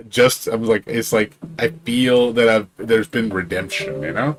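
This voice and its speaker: A man streaming games live, rambling excitably in casual chat, swearing freely and laughing often. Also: medium pitch, a little slow. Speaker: game streamer.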